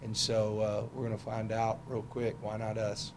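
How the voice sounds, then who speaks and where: A man's voice: on the low side, level tone, normal speed, noisy background. A middle-aged man, a head football coach answering press conference questions in a loose, conversational way with many fillers and restarts.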